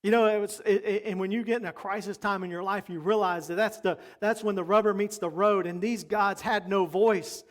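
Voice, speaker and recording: A man's voice: high voice, steady tone, a little fast, hardly any pauses. A man preaching a sermon as pastor, talking emphatically and repeating his points.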